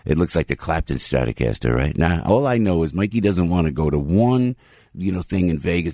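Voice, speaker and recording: A middle-aged man hosting a radio show, telling a story with excited emphasis. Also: sits low, brisk, no room sound, clean studio sound. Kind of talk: animated storytelling monologue.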